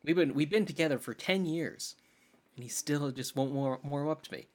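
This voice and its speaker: A man in his thirties co-hosting a podcast, chatting casually and teasing with a joking, animated manner. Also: fairly high pitch, normal speed. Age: 30s. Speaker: podcast co-host. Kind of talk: casual chat.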